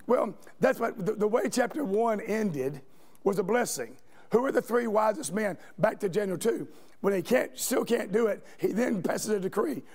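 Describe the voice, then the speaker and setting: Telling stories and questioning the congregation, a man preaches a sermon in a church sanctuary. He has a high voice with a darkish tone.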